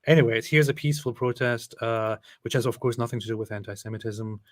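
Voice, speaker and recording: A man's voice: medium pitch, fast, heavy background noise. A man hosting a casual reaction commentary, speaking in a dry, sarcastic way. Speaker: commentary host.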